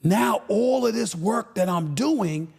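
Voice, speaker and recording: A man talking as a podcast guest, an animated, emphatic storyteller who repeats phrases for punch. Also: high voice, slow, gravelly, breathy edge. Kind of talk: casual interview talk.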